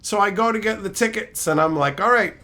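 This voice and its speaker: A man streaming live, telling a story as an exasperated, profane rant that builds into shouting. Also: sits high, brisk. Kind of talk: ranting storytelling to a live chat.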